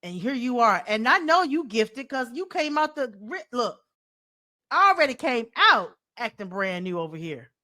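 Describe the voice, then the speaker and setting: Bright, lively Southern woman. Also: fairly high pitch, moderate pace. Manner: expressive, exclaiming, churchy. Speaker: podcast host and coach. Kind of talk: casual podcast interview.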